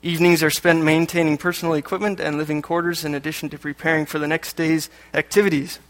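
A man from Canada delivers a sermon with a fairly high voice, reading passages aloud and dropping dry jokes in between. His voice rings out with a long reverb through a church hall. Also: little pitch movement, fast, fairly bright tone. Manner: joking asides between read passages. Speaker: lay preacher.

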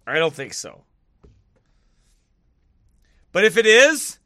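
Man, casual video commentary, bright forceful tone, slightly high voice, mocking, laughs a lot, preachy streak. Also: lively intonation, takes it slowly, long pauses, no room sound, clean studio sound. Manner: mocking, laughs often between remarks; preachy when turning serious.

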